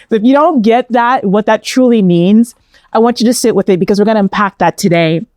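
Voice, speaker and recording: A woman's voice: fairly high pitch, darkish tone, dry recording. A middle-aged woman with a New York accent giving an inspirational faith talk, emphatic and repetitive with a preacherly cadence. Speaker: Catholic speaker.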